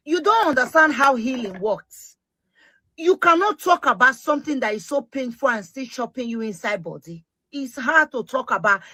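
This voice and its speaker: Speaking to her social media followers in a high voice with no room sound, a middle-aged woman with a Nigerian Pidgin English accent gives a forceful, emphatic, impassioned monologue, repeating her points.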